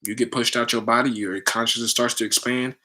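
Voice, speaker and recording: Bright-voiced man giving casual spiritual talk. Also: mid-range voice, brisk. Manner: animated, preachy, repeats "right?" and "family". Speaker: livestream host talking to his community.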